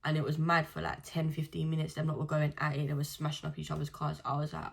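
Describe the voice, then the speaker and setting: Low-voiced young woman. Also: level tone, fast talker, gravelly, hardly any pauses. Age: 20s. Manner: chatty storytelling with slang. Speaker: vlogger. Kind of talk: casual chat.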